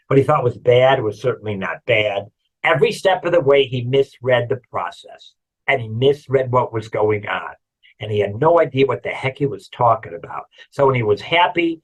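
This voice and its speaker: A man, a rabbi, giving a lively Torah lecture with jokey asides and repeated refrains. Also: mid-range voice, breathy edge, poor audio. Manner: animated storytelling, jokey asides and repetition.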